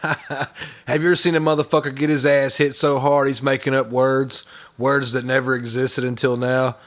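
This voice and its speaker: A man's voice: mid-range voice, level tone, normal speed. A man hosting a reaction video, giving sarcastic, profane commentary on clips. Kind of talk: mocking commentary over clips.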